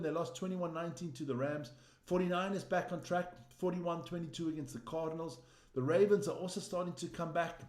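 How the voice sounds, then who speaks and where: Man, sports news host, casual results roundup, teasing, opinionated, slightly high voice, echoey room. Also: a little mellow. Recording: roomy echo.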